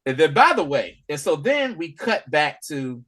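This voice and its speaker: A man co-hosting a podcast, casually recapping a TV episode in animated storytelling, acting out the characters' lines. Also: on the high side, moderate pace. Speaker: podcast co-host. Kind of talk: casual spoiler review chat.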